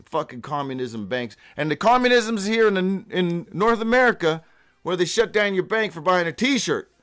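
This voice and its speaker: A man's voice: high-pitched, animated, moderate pace, a bit bright. A man hosting a daily live show, rambling through a profane, free-associating monologue read from his own notes, breaking into sudden whoops. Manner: reads aloud from his own notes, stumbling.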